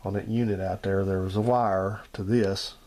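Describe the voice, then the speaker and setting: A man talks in a slightly low voice, rambling and repeating himself as he chats casually. He addresses both his uncle and the viewers. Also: steady tone, normal speed, dark tone, a little hiss or hum. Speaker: channel host. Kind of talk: casual chat to camera.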